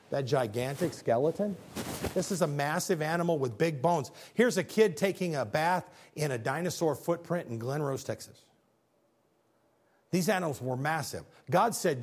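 Male speaker, emphatic faith talk with slides, very animated pitch, rhetorical questions.

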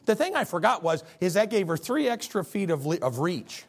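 A man's voice: high-pitched, sing-song, brisk, breathy edge. A man preaching a sermon as a pastor, telling stories with comic character voices.

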